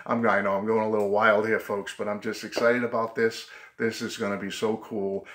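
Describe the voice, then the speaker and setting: A man with a Boston-Providence New England accent, talking excitedly and rambling in a casual vlog, often laughing. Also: medium pitch. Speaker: vlogger.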